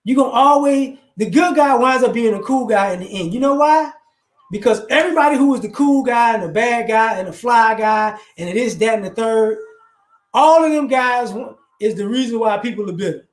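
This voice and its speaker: A man with a very high speaking voice gives casual advice to his viewers. He talks animatedly and plays out both sides of remembered conversations. His voice carries an echoey room sound. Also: fairly quick. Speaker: livestream host giving advice.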